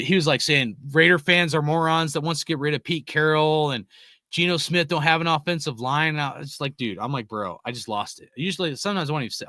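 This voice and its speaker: A man's voice: medium pitch, fairly bright tone, no room sound, clean studio sound. A young man hosting a live sports podcast, ranting heatedly and swearing constantly while he reads out chat messages. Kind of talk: profane casual sports rant.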